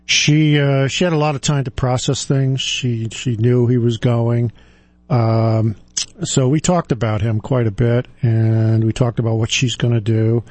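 A man in his sixties with a warm, mellow tone and a dry, close sound. He speaks as a financial advisor, reflective and halting, often pausing on fillers and starting over. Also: mid-range voice, steady tone, no echo. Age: 60s. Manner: halting, with frequent fillers and restarts. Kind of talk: reflective personal talk.

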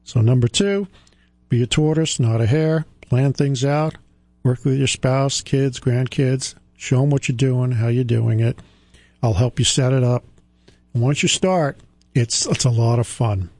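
A man's voice: mid-range voice, normal speed, dark tone, no echo. A man in his sixties hosting a radio finance show, talking in an emphatic way, repeating his key points and joking about himself. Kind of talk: radio talk monologue.

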